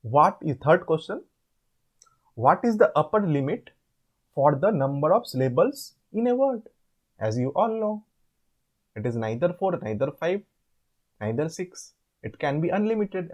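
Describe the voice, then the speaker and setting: A man with an Indian English accent tutoring students through an English assignment, explaining step by step and repeating words slowly. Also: fairly high pitch, darkish tone. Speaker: online course tutor. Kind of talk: assignment walkthrough lesson.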